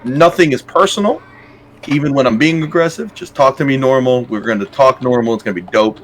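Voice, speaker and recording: A man talking bluntly and loudly in an aggressive, no-nonsense way during casual chat. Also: medium pitch, a little fast, a little hiss or hum. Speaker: guest.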